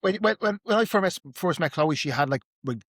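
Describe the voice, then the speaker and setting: Higher-voiced Dublin Irish man. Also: animated, a little fast, a bit bright, dry recording, clean studio sound. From Dublin, Ireland. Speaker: podcast guest. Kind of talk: casual chat.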